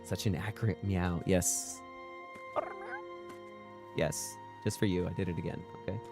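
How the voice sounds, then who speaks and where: A man's voice: sits low, fairly even intonation, unhurried, music in the background. A young man streaming casually, rambling playfully and answering chat as he talks about a game. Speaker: livestream guest streamer.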